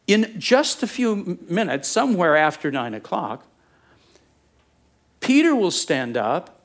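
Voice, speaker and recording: A man delivering a sermon as pastor, in a conversational preaching manner with jokes and asides. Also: fairly high pitch.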